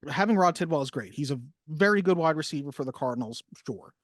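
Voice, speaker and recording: A man co-hosting a casual film podcast, talking at length and acting out movie lines with lively emphasis. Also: fairly high pitch, fast talker, no room sound, clean studio sound. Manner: animated, acts out movie lines. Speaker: podcast co-host.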